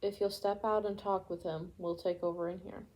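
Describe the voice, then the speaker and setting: A woman reading a memoir aloud chapter by chapter, steady, with occasional stumbles and restarts. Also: mid-range voice, normal speed, lo-fi sound. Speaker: audiobook reader. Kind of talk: amateur book reading aloud.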